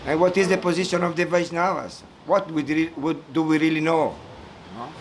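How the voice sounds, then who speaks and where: A man giving a spiritual talk at a retreat, telling a folk story slowly and haltingly, searching for words and chuckling as he goes. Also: a little high, fairly even intonation, a little hiss or hum, rough recording. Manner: halting, searching for words, many fillers and repeats. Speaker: spiritual teacher speaking at a retreat.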